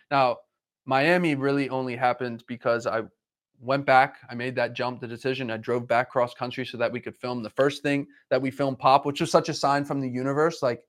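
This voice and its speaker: Guy rambling fast in casual chat, animated, jumps around a lot. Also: mid-range voice. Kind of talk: casual conversation.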